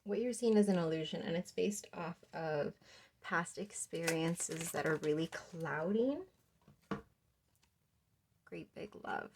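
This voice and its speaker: Young woman, tarot reader, slightly low voice, gentle, reassuring, rambling with fillers. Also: takes it slowly, pauses often, slight background noise. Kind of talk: pick-a-card tarot reading.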